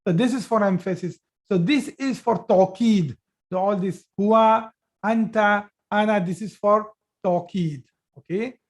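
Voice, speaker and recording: A man leads a live online Arabic grammar lesson, explaining each point patiently. He repeats example sentences and pauses often with fillers and restarts. He speaks into a computer mic on a video call. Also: high-pitched. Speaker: Arabic teacher.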